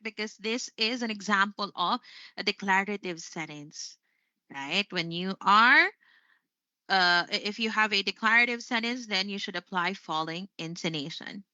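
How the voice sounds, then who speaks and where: A woman teaching an English lesson on a live stream. She speaks slowly and expressively, laughing often. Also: medium pitch, no echo. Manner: slow, expressive delivery with frequent laughs. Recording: slightly muffled stream audio.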